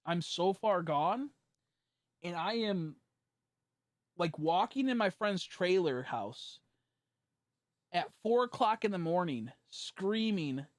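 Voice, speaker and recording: A man streaming a game, telling a long story in a rambling, profane way full of fillers, swinging between hushed and loud. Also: a little high, no echo, clean studio sound. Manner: animated, jumping from hushed to loud. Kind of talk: casual storytelling while gaming.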